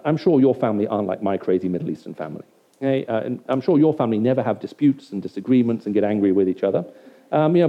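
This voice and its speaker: Speaking in a mid-range voice, a man delivers a sermon to a live hall audience of about a hundred. He keeps it conversational, often checking whether what he says makes sense to them. It's captured on a dull, lo-fi recording.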